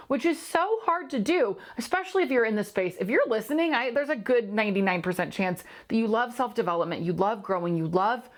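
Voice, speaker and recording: A woman's voice: on the high side, animated, brisk, hardly any pauses. A woman who hosts a coaching channel, talking candidly and earnestly to camera, repeating phrases for emphasis. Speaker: host and coach. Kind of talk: candid solo monologue to camera.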